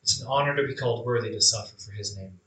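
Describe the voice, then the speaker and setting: A man's voice: mid-range voice, sharp tone, lightly acted. A man playing a devout early believer who is imprisoned, beaten and blinded, telling his story in an earnest, reflective dramatic monologue. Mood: resolute. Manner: earnest, reflective, with drawn-out emphatic phrases. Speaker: actor in a first-person monologue. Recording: echoey room, mic at a distance.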